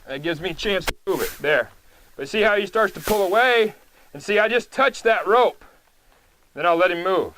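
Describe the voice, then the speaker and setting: A man working as a horse trainer, calmly and patiently explaining each step of a live demonstration in an outdoor pen. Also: high-pitched.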